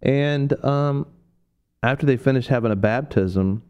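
A man hosting a Christian radio talk, telling stories in a rambling way with many fillers and restarts, and acting out quoted people in a sudden high voice. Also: unhurried, clear, resonant tone, highs cut off. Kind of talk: preaching talk on a radio show.

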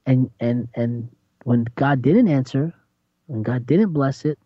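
A man co-hosting a faith talk, preaching in an animated, conversational way and acting out quotes. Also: mid-range voice, takes it slowly, no echo. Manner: animated, laughs often, acts out quotes. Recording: dry, slightly dull lo-fi sound.

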